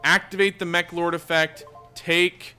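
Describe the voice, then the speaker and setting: A man gives relaxed let's-play commentary, thinking aloud as he plays. His voice sits a little high and has a bright, forward tone. Faint game music runs underneath. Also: unhurried. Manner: chatty, thinks aloud while playing. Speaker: gaming channel host.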